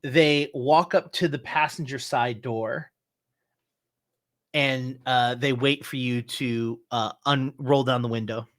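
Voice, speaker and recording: A man narrating a tabletop game as game master, in slow, searching narration with restarts. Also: medium pitch, steady tone, fairly bright tone.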